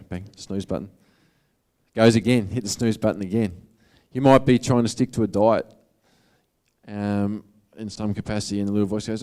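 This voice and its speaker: Low, mellow Australian man giving a talk. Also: steady tone, normal speed. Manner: casual, earnest, conversational. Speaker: motivational speaker. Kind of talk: public talk to an audience.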